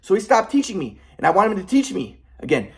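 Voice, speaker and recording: A man's voice: high voice, huge pitch swings, fast, gravelly. A young adult man in an agitated, rambling casual monologue with frequent swearing. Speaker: vlogger.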